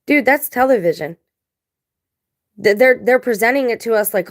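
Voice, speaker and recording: A woman's voice: a little high, animated, moderate pace, long pauses. A woman vlogging casual commentary to her viewers, blunt and emphatic, talking straight to the audience. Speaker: video blogger.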